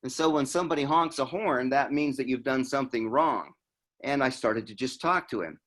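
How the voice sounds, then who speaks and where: A man's voice: mid-range voice, expressive, fairly quick, fairly bright tone. Storytelling middle-aged male trainer. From Utah. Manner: conversational, acts out dialogue. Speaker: law enforcement trainer.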